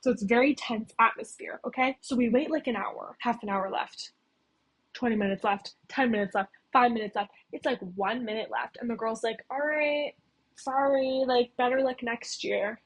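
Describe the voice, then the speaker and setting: A young woman with a slightly high, breathy voice talks through a game's plot like she is telling a friend. She peppers her sentences with "like" and checks in with "okay?" as she goes. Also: normal speed, poor audio. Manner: chatty, fills talk with "like" and "okay?". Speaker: video essayist recapping a game's story. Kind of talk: casual story recap.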